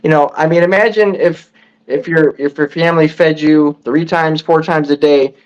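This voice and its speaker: A man's voice: a little high, steady tone, moderate pace. Man with a dull, lo-fi sound. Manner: reflective, rambling with repeated words. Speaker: podcast co-host. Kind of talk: casual chat.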